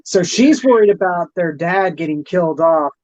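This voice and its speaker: A man co-hosting a casual review chat, calmly explaining the plot. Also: high voice, moderate pace, no room sound. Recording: dry, dull lo-fi sound.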